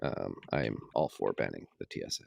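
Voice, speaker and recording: Deep gravelly-voiced man, casual podcast co-host. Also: animated, fairly quick, a little mellow, no echo. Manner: laid-back, joking, reads ad codes.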